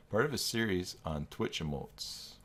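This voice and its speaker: A man with a notably low, deep voice hosts a casual live stream. He thinks aloud as he works and reads his chat, and he pokes fun at himself along the way. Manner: thinks aloud, reacts to chat, self-deprecating.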